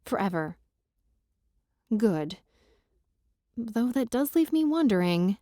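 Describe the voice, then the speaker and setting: A woman reads a first-person romance audiobook in a wry, self-deprecating way that turns emotional easily. Her tone is mellow and dark-edged, at a middle pitch. The recording is dry and close-miked. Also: big pitch swings, slow, long pauses, no echo. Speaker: audiobook narrator.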